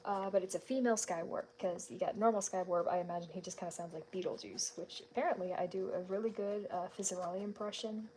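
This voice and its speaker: A woman's voice: medium pitch, fairly even intonation, fast talker, few pauses, dark tone, a little hiss or hum. Chatty woman streaming art at home. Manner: chatty, laughs often, greets viewers; keeps her voice down so her family is not disturbed. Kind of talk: casual live-stream chat while drawing. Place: at home at night.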